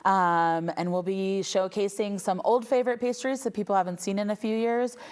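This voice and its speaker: A woman from a bakery, a guest on a TV segment, explaining in a measured way with a few uhs. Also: mid-range voice, fairly even intonation, darkish tone, clean tone. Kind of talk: TV interview.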